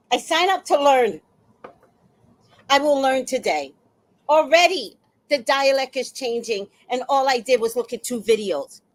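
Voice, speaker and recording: A woman in her sixties hosting reaction commentary, animated and playful, who often repeats her phrases. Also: high-pitched. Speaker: host.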